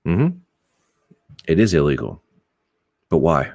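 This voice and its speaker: A middle-aged man with a very low voice talks bluntly in a loose, rambling way, often restarting his sentences and swearing as he makes his points. The sound is dry and close. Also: huge pitch swings, slow pace, gravelly, a little mellow, no echo. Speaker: podcast host. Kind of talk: casual opinionated talk.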